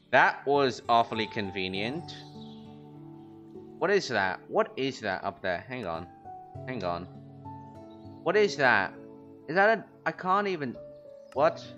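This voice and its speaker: A man streaming a game, rambling casually to his chat with quick excited outbursts. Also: medium pitch. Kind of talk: casual gaming commentary. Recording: lo-fi stream audio with faint music.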